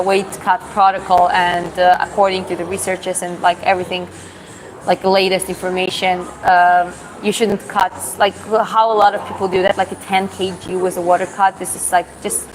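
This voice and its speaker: A woman chatting casually on a live stream as a fitness coach, talking in halting bursts full of fillers and restarts. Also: lowish voice, rough recording. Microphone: clip-on mic put on mid-stream.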